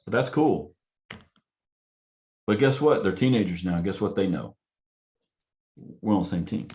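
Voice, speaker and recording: A low-voiced man, a counselor, talks in a loose, conversational way during a casual panel discussion. He acts out exchanges with clients and parents, shifting into a softer, gently curious tone for what he'd say to parents. The sound is dull and lo-fi.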